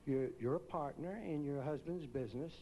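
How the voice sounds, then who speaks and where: Joking male pageant host, slightly high voice. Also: warm tone, slight background noise, rough recording. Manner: teasing and quick-witted. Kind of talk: joking live pageant emcee. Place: live on stage at an event.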